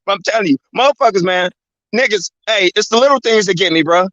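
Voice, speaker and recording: A man's voice: sits high, lively intonation, fast talker, a bit bright, no room sound. A man hosting his channel in a casual, rambling, profanity-filled rant, filling his talk with "man" and "you know what I'm saying". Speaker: channel host. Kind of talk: casual ranting monologue. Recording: dull, lo-fi dry recording.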